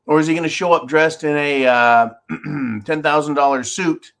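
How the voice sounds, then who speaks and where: A man's voice: fairly high pitch, moderate pace, fairly bright tone, clean tone. A man hosting his own show, giving sarcastic, combative commentary straight to his viewers. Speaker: show host. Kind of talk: opinionated commentary.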